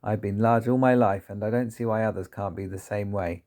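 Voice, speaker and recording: A man's voice: lowish voice, steady tone, fairly quick, close to an everyday voice. A man voicing a tyrannical, bullying headmistress who barks and snaps at children, read from a storybook. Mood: domineering. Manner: shouting, barking, snapping.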